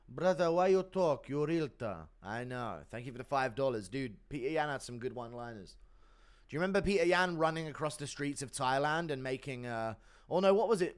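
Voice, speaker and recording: With a fairly high, slightly bright voice and a clean tone, a young streamer reads out donations during a casual live chat. His rambling is loaded with swearing and sarcasm.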